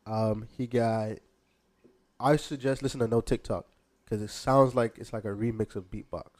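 A man's voice: fairly low pitch, steady tone, normal speed, a little mellow. A man hosting a casual chat, running through new music releases in laid-back slang.

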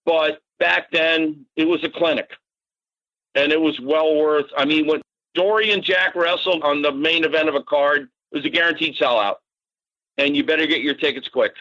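An older man, a podcast guest, telling casual animated stories with frequent fillers and mild swearing. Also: a little high, moderate pace, dull audio. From Massachusetts, grew up in Florida. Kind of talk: casual storytelling.

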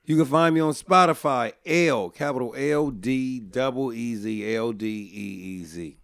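A man from Oakland, California, guesting on a podcast and speaking in a slow, laid-back, casual way. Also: medium pitch, gravelly, dry recording, clean studio sound. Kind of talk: casual chat.

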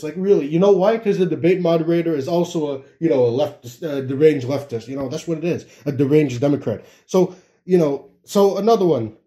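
Rambling young man with a mellow voice. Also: fairly high pitch, a little fast. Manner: rambling, laughing, many fillers and restarts. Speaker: political commentator. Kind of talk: casual political rant.

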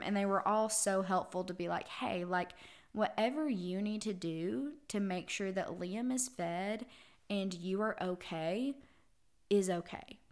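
A woman's voice: medium pitch, fairly bright tone. A young woman hosting a podcast, telling a personal story in an earnest, emotional way with many fillers and restarts. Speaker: podcast host.

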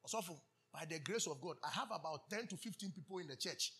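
Ghanaian male preacher, bright high husky voice, call-and-response sermon delivery. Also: expressive, fairly quick. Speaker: pastor.

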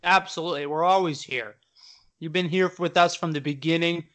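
High-voiced chatty male podcast host. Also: a little fast. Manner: chatty, joking, animated. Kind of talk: casual chat.

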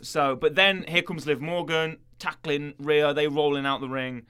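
A man's voice: on the high side, moderate pace, smooth. A man co-hosting a podcast, chatting casually and animatedly through a wrestling recap. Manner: animated, puts on voices when quoting wrestlers. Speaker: podcast co-host.

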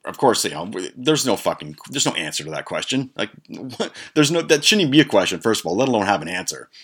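A man's voice: fairly low pitch, very animated, fast talker, fairly bright tone, breathy edge. A man in his forties hosting a podcast, telling a rambling, profane, amused story. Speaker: podcast host. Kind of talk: casual storytelling.

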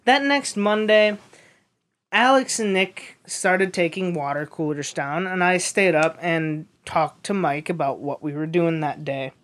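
A woman's voice: on the low side, a little slow, fairly bright tone. A woman casually telling a funny story on a podcast, swearing and laughing along the way.

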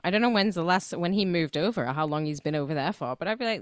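A woman's voice: lowish voice, sing-song, quick pace, few pauses, fairly bright tone, no room sound, studio quality. A woman co-hosting a podcast in casual chat, crude and giggly. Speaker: podcast co-host.

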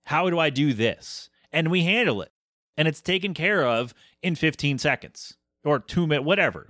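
A man's voice: fairly high pitch, fairly bright tone, no echo, studio quality. A man hosting a podcast, chatting casually and ranting in an exasperated, rambling way. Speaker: podcast host. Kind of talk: casual solo podcast chat.

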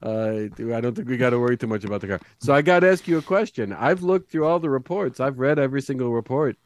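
A man playing an excitable male investigator who speaks bluntly and rambles when he gets worked up. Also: medium pitch, fast, no room sound, lightly acted. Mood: probing. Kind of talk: improvised tabletop role-play.

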